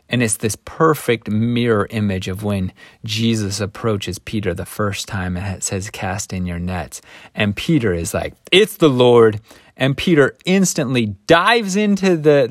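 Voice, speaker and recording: A man's voice: medium pitch, no echo, clean studio sound. A man teaching a Bible lesson, retelling the story in a conversational way with folksy asides. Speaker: scripture teacher.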